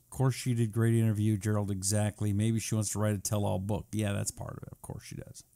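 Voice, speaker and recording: A man's voice: on the low side, warm tone. A middle-aged man hosting a talk radio show, reading listener messages and giving emphatic, repetitive commentary. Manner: emphatic, repetitive, sometimes drawn out.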